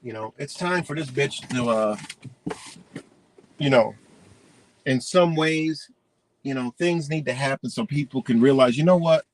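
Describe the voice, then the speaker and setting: A man's voice: medium pitch, measured pace, pauses often, low-quality recording. A man ranting indignantly in a profane, rambling monologue.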